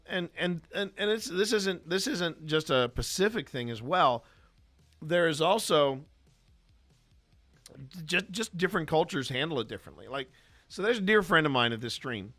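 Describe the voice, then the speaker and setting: A man's voice: a little high, bright, forceful tone. A man, a paranormal investigator host, casually telling rambling stories with many restarts. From American South. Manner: rambling, frequent restarts and fillers. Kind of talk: casual storytelling Q&A.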